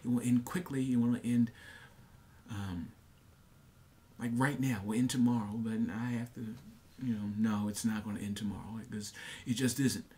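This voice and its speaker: A man's voice: mid-range voice, fairly even intonation, moderate pace, dark tone. Young man, earnest, rambling, repetitive, lots of fillers, casual vlog monologue. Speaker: vlogger.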